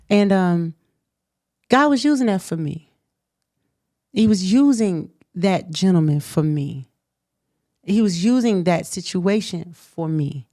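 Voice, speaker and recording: A woman in her thirties from the United States, candidly telling a personal story in a relaxed chat, quiet and reflective. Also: lowish voice, measured pace, long pauses. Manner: animated retelling with acted quotes, then quiet and reflective. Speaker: guest.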